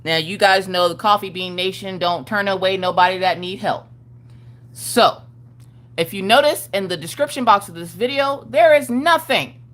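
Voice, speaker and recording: A woman's voice: medium pitch, normal speed, a bit bright. Upbeat woman hosting a livestream. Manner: upbeat, greets viewers by name. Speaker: livestream host. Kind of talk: casual livestream chat.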